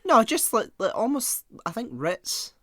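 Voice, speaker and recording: A man co-hosting a podcast in casual chat, animated and sweary, breaking into mocking voices of relatives. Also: very high voice, a little slow, dry recording, clean studio sound. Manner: animated, swearing, mimics relatives with put-on accents. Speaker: podcast co-host.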